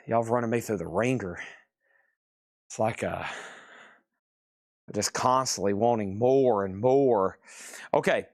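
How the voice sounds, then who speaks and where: A man's voice: mid-range voice, no room sound, studio quality. Tired man selling records live. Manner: rambling, self-mocking, laughs often. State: tired and aching. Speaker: host of a live record sale. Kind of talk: casual livestream selling chat.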